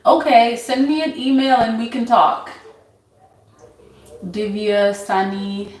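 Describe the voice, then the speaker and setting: Slow-talking woman in an echoey room. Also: on the high side, steady tone, far from the mic. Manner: unhurried, reads chat names aloud, laughs easily. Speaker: tarot livestream host. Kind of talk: casual livestream chat with viewers.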